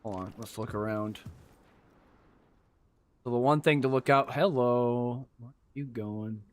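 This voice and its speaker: A man streams a game and talks to himself as he plays. His commentary is loose and sweary, and it drifts into rambling stories that restart mid-sentence. His pitch sits in an ordinary middle range for a man. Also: a little slow. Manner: loose and profane, mutters to himself while playing. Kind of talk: casual gameplay commentary.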